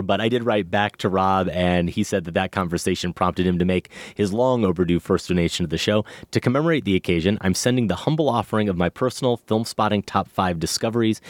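A male podcast co-host chatting casually and reading listener donations aloud in a relaxed, wry way. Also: low-pitched, no room sound, clean studio sound.

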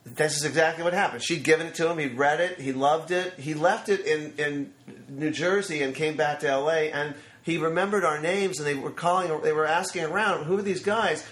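A man's voice: fairly high pitch, a little fast, few pauses, roomy sound. A man in his fifties, a screenwriter guest telling stories on a studio mic, acting out the voices of people he quotes. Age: 50s. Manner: animated storyteller who acts out quotes. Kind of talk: anecdotal storytelling interview. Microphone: studio microphone.

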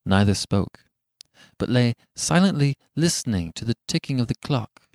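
A man narrating a horror story in a hushed, suspenseful way. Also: mid-range voice, animated, moderate pace, gravelly, no echo, clean studio sound. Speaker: audiobook narrator.

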